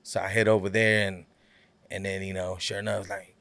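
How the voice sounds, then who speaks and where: A man's voice: fairly low pitch, little pitch movement, moderate pace, a bit bright, no room sound. A man guesting on a podcast, telling a long story in a laid-back, rambling way, full of fillers and quoted back-and-forth. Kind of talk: casual storytelling.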